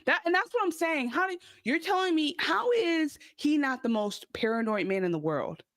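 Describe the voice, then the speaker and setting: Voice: high voice, big pitch swings, fairly bright tone, no echo. Joking podcast co-host, dry sound. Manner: quick, joking, drops pop-culture references. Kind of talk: casual TV recap chat.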